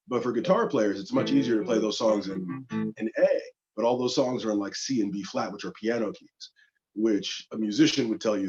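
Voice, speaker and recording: A man, a guest guitarist on a livestream, talking casually in a relaxed, rambling way with many pauses and fillers. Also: fairly low pitch, lo-fi sound. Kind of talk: singing with guitar, then casual spoken intro. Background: loud guitar.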